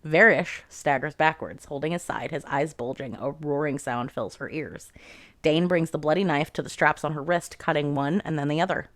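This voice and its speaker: Woman gushing thru a book recap, lots of "like", kinda low voice, dry no-room sound. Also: normal speed, fairly bright tone, dry recording. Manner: chatty, frequent "like" and asides. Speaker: book reviewer.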